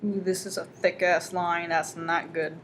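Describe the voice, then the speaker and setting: A young woman from the Midwest co-hosting a podcast, making dry, deadpan jokes in casual chat. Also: fairly low pitch, a little slow, a little hiss or hum. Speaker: podcast co-host.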